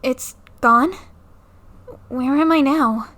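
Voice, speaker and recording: High-voiced young woman playing a game. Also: very slow, a bit bright, slight background noise. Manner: playful, reads game dialogue aloud and jokes about it. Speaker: let's play creator. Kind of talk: casual gameplay commentary. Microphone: new desktop mic.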